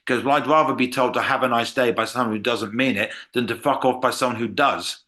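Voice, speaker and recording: An English man talks comedy on a podcast, and the words come out fast. His tone is bright and forward. He is an animated storyteller who breaks into short impressions as he quotes people. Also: medium pitch. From England. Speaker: comedian guest. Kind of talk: casual podcast conversation.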